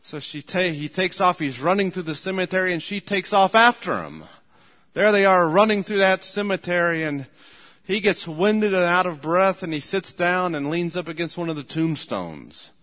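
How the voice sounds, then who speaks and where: A man's voice: sits high, animated, moderate pace, a bit bright. Man preaching in an echoing hall. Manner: folksy storytelling, repeating lines, chuckling. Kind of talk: sermon. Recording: long hall reverb.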